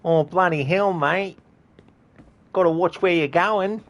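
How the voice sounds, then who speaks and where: A man's voice: high-pitched, takes it slowly, pitched above the performer's own voice. A man voicing a rowdy, swearing Australian bloke bystander in a put-on Australian accent. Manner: loud, swearing, slangy exclamations.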